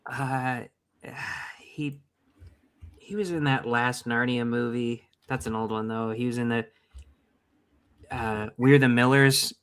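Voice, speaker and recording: A man with an average-pitched voice co-hosts a casual podcast. He is sarcastic and swears freely. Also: steady tone, takes it slowly, long pauses, a bit bright, clear, resonant tone. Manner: sarcastic, profane. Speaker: podcast co-host.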